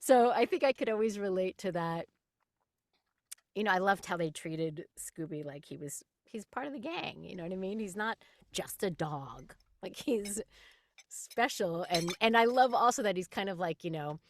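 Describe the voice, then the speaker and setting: A woman voice actress talking casually in an interview, animated and chatty, laughing often. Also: mid-range voice, moderate pace, a little hiss or hum. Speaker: voice actress guest.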